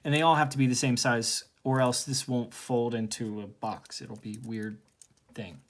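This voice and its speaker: A man's voice: mid-range voice, fairly even intonation, moderate pace. A man teaching a recorded calculus lesson from home, casually talking through each step aloud. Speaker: math teacher.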